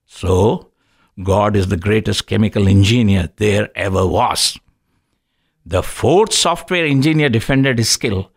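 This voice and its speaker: A man's voice: on the low side, unhurried, gravelly, slightly rough. A middle-aged man hosting a healthcare talk show, telling anecdotes and jokes and acting out the people he quotes. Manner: animated storyteller who acts out quoted voices.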